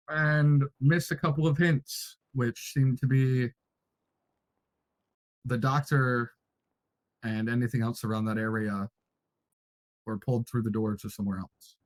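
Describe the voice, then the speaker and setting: Casting: mid-pitched man, dry close sound, relaxed lore recap for fellow players. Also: dry recording, rough recording. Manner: easygoing, measured recounting. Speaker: player recounting the story lore. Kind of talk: storytelling recap in a voice chat.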